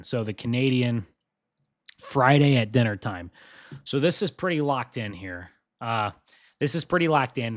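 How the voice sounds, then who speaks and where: A young man hosting a live weather briefing, chatty and excitable, often laughing as he talks through forecast models. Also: medium pitch, no echo, clean studio sound. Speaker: weather livestream host.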